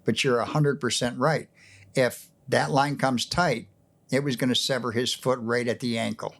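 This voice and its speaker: A man's voice: mid-range voice, steady tone, moderate pace, fairly bright tone. Blunt older male sea captain. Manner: blunt, salty, earnest storyteller. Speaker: guest, boat captain. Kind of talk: casual storytelling.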